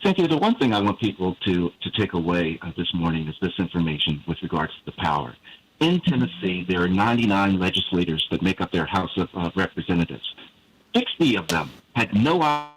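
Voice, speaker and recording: A male attorney speaking as a guest on talk radio. His voice is husky, and he lays out his argument in a measured, lecturing manner. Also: low-pitched, sing-song, poor audio. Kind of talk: making a point on talk radio.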